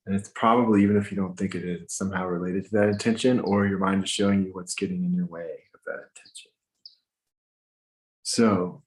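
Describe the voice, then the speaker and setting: Deep-voiced man guiding a meditation. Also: rough recording. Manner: slow, gentle instructions with pauses. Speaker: meditation teacher. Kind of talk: guided breathwork meditation. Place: home with windows open.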